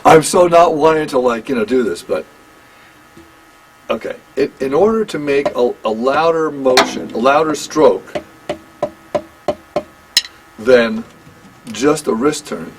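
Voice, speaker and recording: Slow, halting male drum teacher. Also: medium pitch, expressive, noisy background. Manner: slow, halting explanations with restarts and check-ins. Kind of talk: one-on-one instrument lesson.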